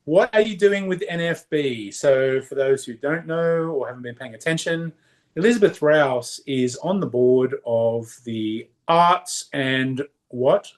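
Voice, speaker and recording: A man's voice: mid-range voice, measured pace. An Australian man co-hosting a podcast, chatting casually with playful, teasing banter. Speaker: podcast co-host. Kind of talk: casual chat. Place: Las Vegas.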